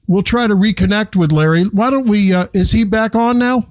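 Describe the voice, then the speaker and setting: A man's voice: high voice, fairly quick. A man hosting a radio talk show, speaking casually with many fillers and restarts.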